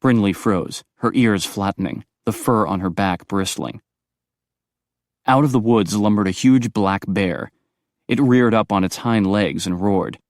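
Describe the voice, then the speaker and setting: A man reading audiobook narration in a brisk, expressive storytelling manner. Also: on the low side, no echo, studio quality.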